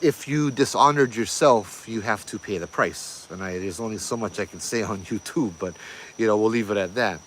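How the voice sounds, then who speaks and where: A man's voice: on the low side, moderate pace, a little hiss or hum. Hawaiian Pidgin man telling ghost stories. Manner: animated, laughing, pidgin phrasing. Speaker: ghost story host. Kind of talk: casual storytelling.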